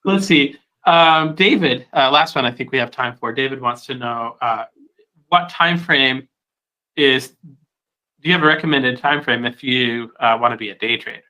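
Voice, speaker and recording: A man hosting a webinar and relaying viewer questions in a relaxed way. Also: mid-range voice, normal speed. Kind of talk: moderating Q&A.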